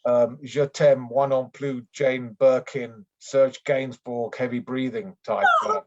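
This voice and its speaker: A man's voice: mid-range voice, fairly even intonation, slow, lightly acted. A man improvising a bumbling, unfit middle-aged aristocrat who rambles and keeps restarting his sentences, heard over a video call. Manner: rambling, hesitant, full of ums and restarts. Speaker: improv performer. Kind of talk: improvised comedy scene. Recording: dull lo-fi video call audio.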